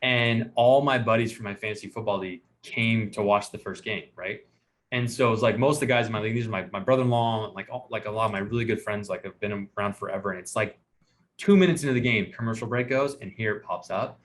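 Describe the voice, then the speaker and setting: A man's voice: fairly low pitch, quick pace. A man hosting a podcast, telling a funny story in a casual chat and acting out what people said. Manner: animated storyteller acting out quotes. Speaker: podcast host.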